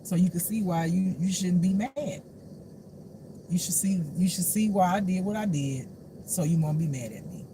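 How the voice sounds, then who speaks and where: A speaker voicing God as a patient male figure who calmly explains himself, gently insistent. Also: mid-range voice, moderate pace, far from the mic, lightly acted. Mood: explaining. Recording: noisy background hum.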